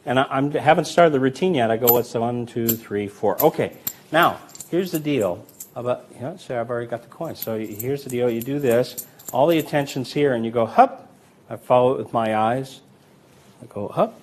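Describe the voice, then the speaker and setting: Relaxed and conversational, a man with a mid-range voice gives a casual instructional demonstration of coin magic. As he performs the sleights he counts each coin aloud, and he wanders into stories of older magicians complete with acted quotes, his tone staying easy and unhurried throughout.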